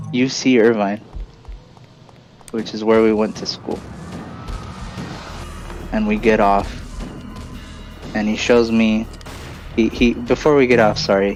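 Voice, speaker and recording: During his game stream, with game music behind him, this streamer host rambles through a long, casual story packed with fillers. He's in his late twenties or thirties, with a low-ish, darkish voice captured on a low-quality recording.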